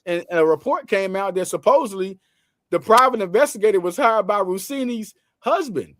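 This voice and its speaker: A man hosting a casual sports talk show, talking in loose slang with lots of quick restarts. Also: sits high, expressive, fairly bright tone, no room sound, studio quality.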